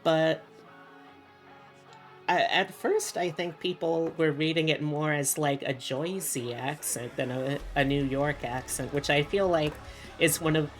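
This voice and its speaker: A woman's voice: low-pitched, steady tone, a little slow, soft background music. A woman VTuber chatting casually while she draws on stream, rambling with lots of asides.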